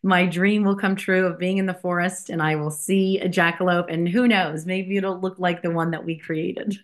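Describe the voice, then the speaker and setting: A woman's voice: fairly low pitch, fairly even intonation, normal speed. A woman in her forties, a filmmaker being interviewed, talking casually and upbeat with frequent fillers and laughs. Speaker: filmmaker guest.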